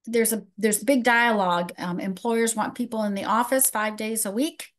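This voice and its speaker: A woman's voice: on the high side, steady tone, moderate pace. A middle-aged woman presenting a live webinar, answering audience questions from the chat in a conversational way.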